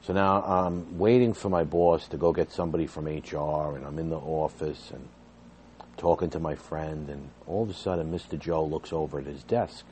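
A man's voice: extremely low pitch, fairly even intonation, moderate pace, darkish tone, a little hiss or hum. A man earnestly recounting, in an emotional personal story, how he was fired from his job as a behavior therapist. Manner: earnest, agitated retelling with rising intensity.

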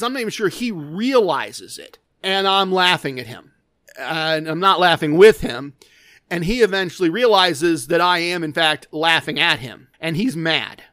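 A man with a fairly high voice tells his gambling story in a relaxed monologue, wry and poking fun at himself. He acts out the other players' words as he goes. The sound is close and dry, with no room echo. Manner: wry, self-deprecating, acts out quoted dialogue.

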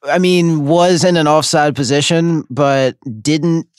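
A young man co-hosting a sports podcast, relaxed, with dry wit and many "I mean"s. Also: on the high side, takes it slowly, smooth, no room sound. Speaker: podcast co-host. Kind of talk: casual sports chat.

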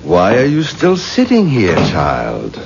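A man's voice: fairly low pitch, huge pitch swings, slow, gravelly, noisy background, exaggerated voice. An actor playing a doting, anxious middle-aged father, speaking expressively in a radio drama. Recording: dull lo-fi radio play with music.

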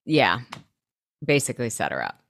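A woman's voice: extremely low pitch, sing-song, normal speed, a bit bright, no room sound. A young woman co-hosting a podcast, retelling TV scenes with blunt comments and swearing. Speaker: podcast co-host. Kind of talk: casual recap chat.

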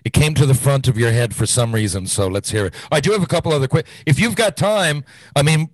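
A man's voice: medium pitch, fast talker, dry recording, rough recording. A man hosting a casual podcast interview, reacting with laughter and encouraging his guest to go on. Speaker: podcast host.

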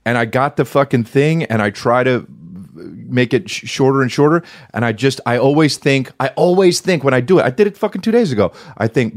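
A man in casual comedic chat, animated and swearing, riffing with exaggerated impressions. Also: medium pitch, fast talker.

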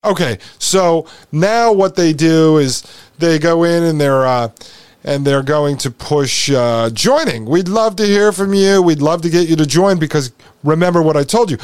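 Man, higher pitch, podcast host, emphatic commentary over a video, repetitive, sarcastic, dry close sound. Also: unhurried, smooth, dry recording. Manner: emphatic, repeats phrases, sarcastic asides.

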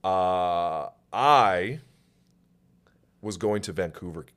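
A man's voice: sits low, expressive, very slow, fairly bright tone, clean tone. A man hosting a podcast, telling stories in a casual, profane, self-mocking way. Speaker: podcast host. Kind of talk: casual storytelling chat.

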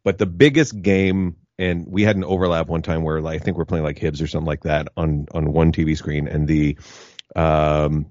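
A man's voice: rumbling low, steady tone, moderate pace, darkish tone, no room sound, highs cut off. A man co-hosting a podcast, telling a rambling story in casual chat. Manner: rambling, lots of fillers and backchannels. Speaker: podcast co-host.

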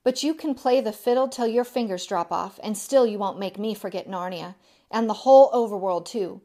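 A woman's voice: mid-range voice, moderate pace, dark tone, natural voice. A woman voicing a gloomy, stubborn male marsh creature who talks short of breath. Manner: stout, breathless, plain-spoken.

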